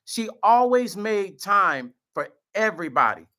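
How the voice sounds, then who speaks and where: A middle-aged man on his vlog, fighting back tears as he talks earnestly to his viewers. His voice is fairly high and bright, with a forceful edge, and he keeps circling back to the same words. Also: sing-song, unhurried. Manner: earnest, repeats himself, addresses viewers as y'all. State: choked up, near tears. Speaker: vlog host. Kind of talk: emotional direct-to-camera talk.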